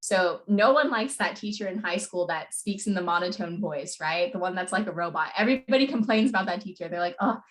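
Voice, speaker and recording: A young woman coaching on public speaking in a casual talk, speaking quickly with many fillers. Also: fairly low pitch, lively intonation. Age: young adult. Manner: fast-talking, many "like" and "you know" fillers.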